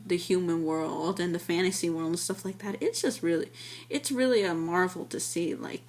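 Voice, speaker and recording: A woman giving a casual, enthusiastic film review, rambling with many fillers and restarts. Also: fairly low pitch.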